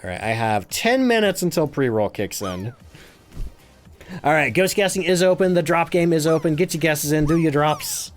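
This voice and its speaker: A man streaming a game live, chatty and excitable as he thanks viewers and explains his play. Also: fairly high pitch, moderate pace, soft background music. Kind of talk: live gameplay commentary.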